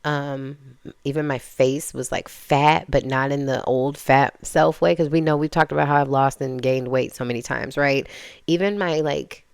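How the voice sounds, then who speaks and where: A woman's voice: low-pitched, moderate pace, vocal fry, smooth, no echo, clean studio sound. A young adult woman vlogger candidly telling personal stories in a casual, conversational way, talking straight to her viewers.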